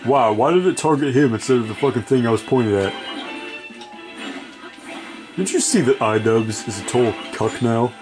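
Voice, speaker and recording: A man's voice: mid-range voice, moderate pace, long pauses, music in the background. A sleep-deprived man giving rambling, profane, self-deprecating commentary while playing a video game. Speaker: gaming video creator. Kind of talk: casual gameplay commentary.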